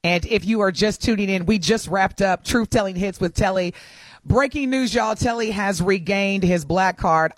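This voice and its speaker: A woman co-hosting a casual radio talk show, animated and quick to laugh as she reads listener messages aloud. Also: mid-range voice, no echo. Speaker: radio co-host.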